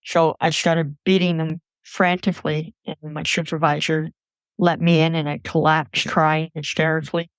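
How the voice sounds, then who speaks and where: A woman recounting a personal story in an earnest, measured way for a podcast. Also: low-pitched, flat delivery, clear, resonant tone, no room sound. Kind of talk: personal story told into a mic.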